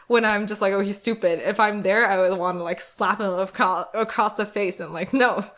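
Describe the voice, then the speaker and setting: A woman's voice: medium pitch, fairly quick. A woman co-hosting a casual anime review podcast, talking animatedly with frequent laughs and mocking voices. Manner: animated, laughing, acts out the voices she mocks. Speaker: podcast co-host.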